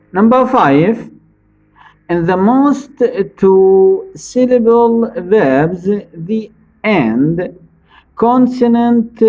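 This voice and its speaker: A man teaching English spelling rules, speaking slowly and deliberately, repeating each rule for his students. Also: darkish tone, poor audio. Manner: stresses key words, drops low at phrase ends. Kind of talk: slow spelling-rule lesson.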